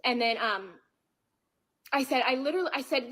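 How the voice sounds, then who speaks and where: A woman with a fairly high voice recounts a scary night. She talks haltingly and circles back to the same apologies, with many fillers and restarts. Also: expressive, bright, forceful tone, low-quality recording. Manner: repetitive, apologetic, halting retelling. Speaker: woman retelling an encounter. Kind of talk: clip of an emotional personal story.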